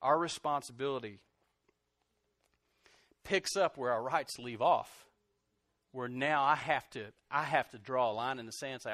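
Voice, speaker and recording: A middle-aged man preaching a sermon, animated, swinging from loud outbursts to soft, confessional lines. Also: mid-range voice, unhurried, pauses often, no echo, clean studio sound. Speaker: pastor.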